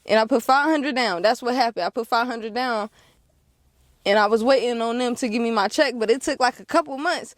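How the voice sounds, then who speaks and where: A woman's voice: on the high side, normal speed, dry recording, studio quality. A young woman, telling a story to camera casually and laughing often. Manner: animated, laughs often, acts out quotes. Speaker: car dealer and vlogger.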